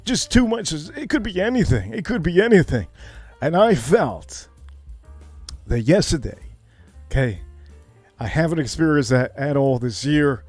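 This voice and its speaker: American guy livestreaming, lively voice that jumps up high, dry close mic, faint music behind. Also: unhurried, long pauses, dry recording. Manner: animated, repeats phrases, shifts into loud exclamations. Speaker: livestream host. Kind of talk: casual storytelling monologue.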